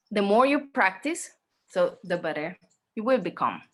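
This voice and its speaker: A woman teaching an online exam-prep class, speaking slowly, repeating herself and often checking in with "okay?". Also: medium pitch, very animated. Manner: slow, repetitive, checks in with "okay?".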